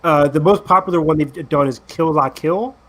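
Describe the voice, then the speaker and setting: A man with a fairly high voice, co-hosting a casual podcast. He talks with plenty of enthusiasm and often breaks into excited exclamations while reacting to what he sees. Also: moderate pace. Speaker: podcast co-host.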